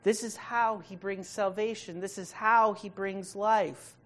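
A woman preaching a sermon, reading scripture and then explaining it, stressing key words and dropping from loud emphasis to hushed tones. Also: mid-range voice, steady tone, unhurried.

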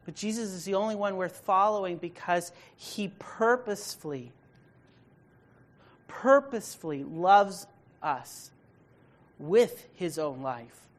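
A woman preaches a sermon, reading scripture and then explaining it. She stresses key words and swings from loud emphasis down to hushed tones. Her voice is fairly low with lively intonation, and she speaks slowly with long pauses.

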